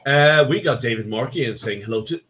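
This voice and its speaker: A man's voice: mid-range voice, brisk. A man hosting a casual livestream, chatting and reading out viewer messages with frequent laughs. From United Kingdom. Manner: laughs often, lively banter. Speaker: livestream host.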